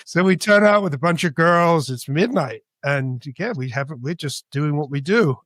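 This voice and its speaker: A middle-aged man tells a story as a podcast guest, in a slightly high voice. He is animated and loose, and he leaps up in pitch whenever he quotes people. His voice sounds dry and close to the mic. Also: normal speed, no echo. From Britain, raised in Spain. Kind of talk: casual storytelling.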